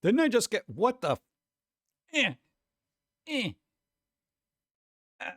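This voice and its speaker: A man's voice: high voice, sing-song, slow pace, long pauses, a bit bright, no room sound, studio quality. A man chatting casually with viewers on a live stream, rambling, humming and scatting to himself, his throat a little sore.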